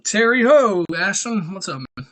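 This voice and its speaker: Guy chatting on his home livestream, out of breath, bright forceful voice, kinda high. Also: lively intonation, normal speed. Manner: rambling, talks while eating. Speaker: livestream host. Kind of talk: casual livestream chat. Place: home room. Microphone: desktop USB mic.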